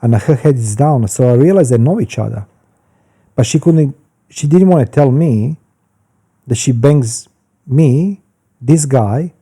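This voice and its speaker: A man's voice: medium pitch, measured pace, long pauses, slightly rough. Blunt man in his fifties. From Croatia. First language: Croatian. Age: 50s. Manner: animated, blunt, swears freely, broken grammar. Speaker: podcast guest. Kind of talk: candid storytelling in conversation.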